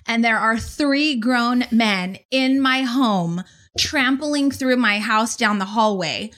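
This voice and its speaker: A woman in her forties telling a story in a casual, animated way, swearing often. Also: a little high, slow pace. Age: 40s. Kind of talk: casual anecdote on a talk show.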